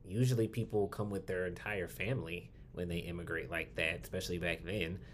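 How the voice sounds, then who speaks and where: A man co-hosting a podcast in casual chat, chatty and quick to laugh, swearing freely. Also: sits low, fairly even intonation, a little hiss or hum. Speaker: podcast co-host.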